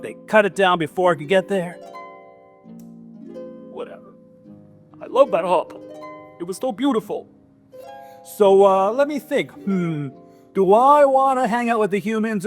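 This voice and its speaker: A man's voice: high voice, lightly acted. A man voicing a boastful, grumbling male giant who resents humans and tells his side of a fairy tale with tough-guy slang. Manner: indignant, rambling storyteller with street-tough grammar.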